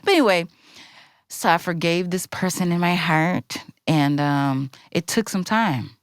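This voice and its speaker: A woman's voice: fairly low pitch, measured pace, no room sound, clean studio sound. A woman co-hosting a podcast, talking candidly and laughing often in casual chat. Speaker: podcast co-host.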